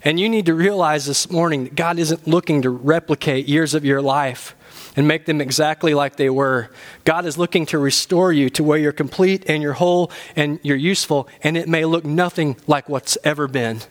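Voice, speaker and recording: Here a pastor delivers a sermon to his church in a notably high voice and at an ordinary pace. He keeps things animated and comic while climbing to points of emphasis.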